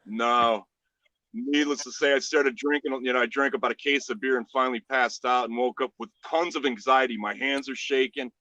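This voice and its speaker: Profane bright-voiced man. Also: mid-range voice, moderate pace, no echo. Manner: profane, animated storytelling. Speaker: livestream host. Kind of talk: casual chat.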